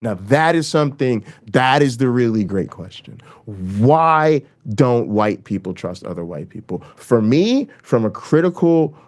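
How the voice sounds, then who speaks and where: A man's voice: sing-song, measured pace, few pauses, darkish tone. A man hosting his own channel, delivering a heated, profane political rant and repeating lines for emphasis. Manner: swings between raised emphasis and low, dropped delivery. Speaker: channel host. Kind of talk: impassioned political rant to camera.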